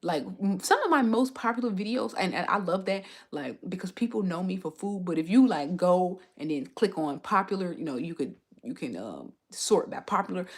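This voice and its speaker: A woman's voice: on the low side, darkish tone, slightly rough. A young woman chatting casually on a livestream, rambling through stories with frequent restarts. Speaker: food and travel content creator streaming live.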